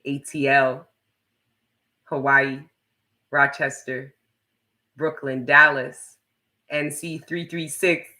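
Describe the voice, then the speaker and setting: A woman's voice: rumbling low, level tone, slow, pauses often, bright, forceful tone, roomy sound, rough recording. A woman from Toronto chatting casually on a livestream, swearing freely and reading out her viewers' comments. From Toronto, Canada. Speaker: tarot reader and shop owner.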